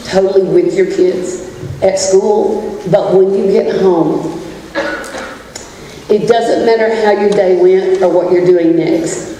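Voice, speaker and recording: An older woman with a drawl delivers a keynote full of stories, laughing often at her own expense. Her voice is mellow and relaxed. It is picked up from across a large, echoing auditorium with a faint hum behind it. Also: medium pitch, slow pace. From Louisiana. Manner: storytelling, self-deprecating, laughs often. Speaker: keynote speaker. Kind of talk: humorous keynote talk. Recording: echoey hall from far off, faint noise.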